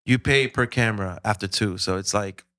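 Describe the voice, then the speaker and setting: A man in casual podcast conversation, matter-of-fact, with quick remarks. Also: lowish voice, pushed and bright.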